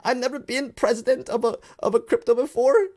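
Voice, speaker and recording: A man's voice: very high-pitched, fairly even intonation, brisk, a little mellow, pitched above the performer's own voice. A man voicing a confused, overwhelmed grown man who pleads for help in a whimpering tone. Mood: whiny pleading.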